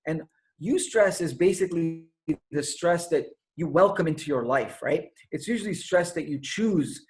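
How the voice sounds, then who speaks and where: A man's voice: a little high, normal speed. A man giving a motivational talk over a video call, conversational and full of stories, with fillers. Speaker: speaker.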